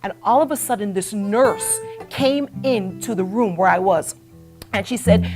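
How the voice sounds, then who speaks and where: A woman's voice: medium pitch, a little slow. A middle-aged woman hosting a live web talk show, telling a story with rising emphasis. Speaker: host. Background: soft guitar music.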